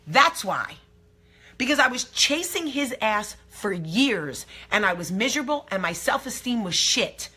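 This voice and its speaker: A woman hosting her own vlog, telling a candid story to camera in a brash, profane, animated way. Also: a little high, moderate pace, noisy background. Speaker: vlog host.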